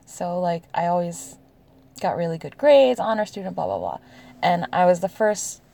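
Animated and creaky, her lowish, mellow voice runs at normal speed. An American woman in her thirties, she tells personal stories casually while answering questions, in a confessional, chatty style with lots of laughter and many "like"s.

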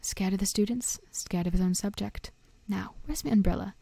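A huge, gruff but kind gamekeeper with rough, folksy speech, as a woman reading aloud puts him on. The whispered role-play voice sits mellow and gravelly, close and dry in the room. It sounds like a storybook read softly. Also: medium pitch, moderate pace, no room sound. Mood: hearty. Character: huge gruff kindly man, half-giant gamekeeper.

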